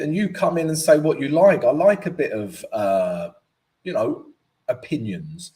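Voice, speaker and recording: A man's voice: mid-range voice, darkish tone. A man hosting a live trading stream, chatting casually through market commentary and viewer questions, tagging lines with "right?". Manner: does offhand mock voices of traders.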